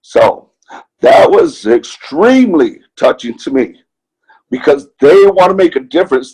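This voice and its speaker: A middle-aged man tells his story with earnest, rallying conviction, as if urging a group on. His voice sits a little high and comes out husky. He sounds heartfelt rather than polished. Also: a little mellow, rough recording. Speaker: guest speaker on a conference call. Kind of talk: motivational testimony.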